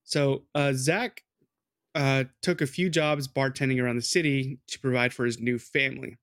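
A man's voice: mid-range voice, fairly even intonation, moderate pace, a bit bright, no echo, studio quality. A man co-hosting a podcast, telling a true crime story in a loose, rambling, casual way. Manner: loose, rambling, with lots of "like" and "dude".

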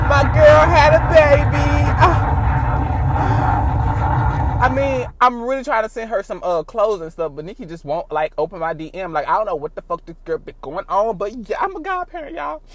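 A man hosting his own podcast, talking casually in a rambling, profane way with big swings in loudness. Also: a little high, background noise. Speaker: podcast host. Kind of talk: casual solo podcast monologue.

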